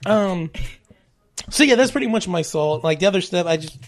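A man's voice: high-pitched, expressive, fast. A young man from California co-hosting a casual podcast, telling stories animatedly, acting out quotes and laughing often. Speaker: podcast co-host. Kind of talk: casual chat.

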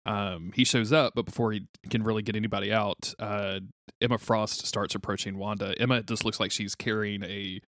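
A man co-hosting a casual comics podcast, summarizing plot in a halting way full of ums, with the odd swear. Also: on the low side, steady tone, fairly bright tone, dry recording, clean studio sound. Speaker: podcast co-host.

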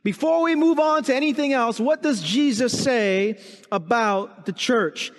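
High-voiced, slow, deliberate male preacher. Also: fairly bright tone, long reverb tail. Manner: emphatic preaching with repeated rhetorical questions. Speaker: pastor. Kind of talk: sermon.

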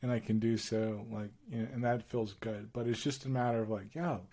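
A middle-aged man co-hosting a casual podcast chat, telling lively stories with slang and laughter. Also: fairly low pitch, a little fast. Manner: animated storytelling with laughs and slang. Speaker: podcast co-host.

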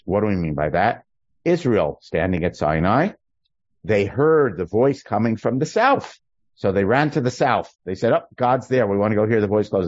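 A man teaching a class on a text, explaining lively and checking in with his listeners as he goes. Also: mid-range voice, dry recording, muffled recording. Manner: animated, questioning, checks in with "okay?" and "right?". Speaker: teacher leading a study class.

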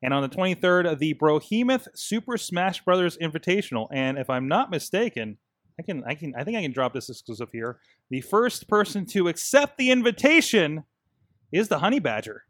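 A man's voice: fairly high pitch, big pitch swings, moderate pace, a bit bright, no echo, clean studio sound. A man co-hosting a casual wrestling podcast, rambling with lots of fillers and restarts. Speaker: podcast co-host.

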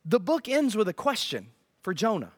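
A male pastor preaching a sermon in an animated, joking way, often asking the congregation questions. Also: high voice, normal speed.

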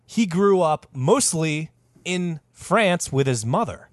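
A man hosting a casual podcast, telling a historical story with animated delivery and plenty of cursing. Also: fairly high pitch, slow pace, dry recording, studio quality. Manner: animated, lively delivery with sudden voice put-ons.

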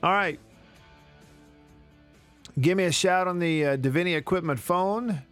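Faint music sits under this studio radio host, an Alabama man in his 30s who spins self-deprecating stories in casual talk. His voice is high and fairly bright, with a measured pace.

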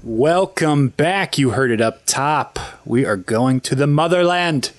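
A man co-hosting a casual podcast, trading jokes in a deadpan delivery. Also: medium pitch, measured pace, no echo. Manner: deadpan and jokey. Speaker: podcast co-host. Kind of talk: casual comedic podcast chat.

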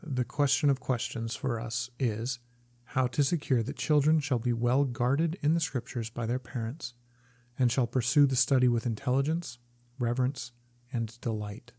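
A man co-hosting a relaxed book discussion, his voice warm and mellow. He thinks out loud, often restarting his sentences as he works through a point. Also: mid-range voice, moderate pace. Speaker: podcast co-host.

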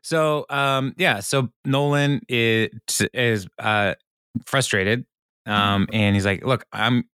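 A man's voice: medium pitch, steady tone, takes it slowly, sharp tone, clear, resonant tone, dry recording, clean studio sound. A man casually recapping a TV episode, a chatty storyteller paraphrasing what the characters say. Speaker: podcast co-host recapping an episode. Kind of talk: casual chat.

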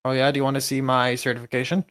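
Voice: mid-range voice, flat delivery, racing, fairly bright tone. Playful rambling tabletop game player. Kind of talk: playing a tabletop role-playing game.

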